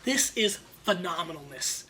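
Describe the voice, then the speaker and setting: A man hosting a casual wine tasting video, joking and excitable, jumping between loud bursts and muttered asides. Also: normal speed, slight background noise. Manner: excitable, joking, big swings in pitch and loudness; talks to the camera and an off-screen helper. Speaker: wine show host.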